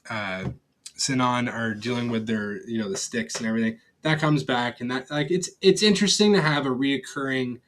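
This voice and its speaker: A man's voice: mid-range voice, normal speed, a bit bright, slight background noise. A young man giving a casual, rambling film review, blunt and profane, with lots of fillers and restarts. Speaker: movie reviewer.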